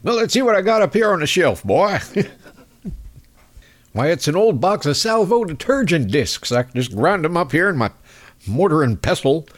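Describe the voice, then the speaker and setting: A man's voice: on the high side, very animated, moderate pace, pitched above the performer's own voice. A man voicing a boastful, folksy male doctor with a Southern US accent and a cocksure drawl.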